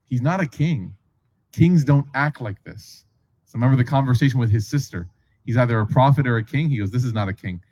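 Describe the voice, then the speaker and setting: A man's voice: medium pitch, expressive, fairly quick, dark tone, husky, no room sound. A man preaching in a casual storytelling way, acting out dialogue and asking his listeners questions. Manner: casual, acts out dialogue, asks the audience questions. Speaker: Islamic preacher. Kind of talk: conversational storytelling sermon.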